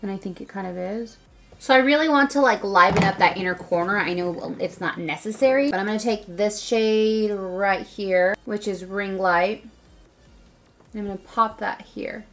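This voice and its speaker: A woman's voice: medium pitch, normal speed, a bit bright. Chatty young woman vlogger. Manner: chatty, rambling, says "like" often. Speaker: beauty vlogger. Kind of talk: casual makeup tutorial chat.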